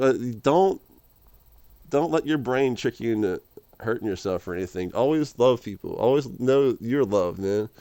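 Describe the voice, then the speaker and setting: A man's voice: mid-range voice, a little mellow, no room sound. Rambling man, dry sound. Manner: slangy, laughs often, calls listener dude and man. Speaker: vlogger. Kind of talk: rambling casual monologue.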